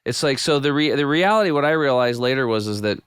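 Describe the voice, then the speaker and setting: Guy on a podcast telling his story, smooth clear voice, dry close mic, keeps restarting sentences. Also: mid-range voice, quick pace, no echo. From United States. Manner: animated storyteller with frequent restarts and quoted self-talk. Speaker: podcast guest. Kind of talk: casual storytelling interview.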